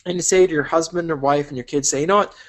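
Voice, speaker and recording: A man's voice: fairly high pitch, steady tone, fast talker. A man teaching a business course in an upbeat, encouraging way, painting vivid imagined scenes for the listener. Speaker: business instructor. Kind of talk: motivational teaching talk.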